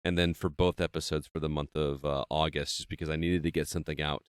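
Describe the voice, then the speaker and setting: Deep-voiced, smooth male podcast host. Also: little pitch movement, fast, no echo, studio quality. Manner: chatty, self-deprecating, laughs often. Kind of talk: casual podcast chat.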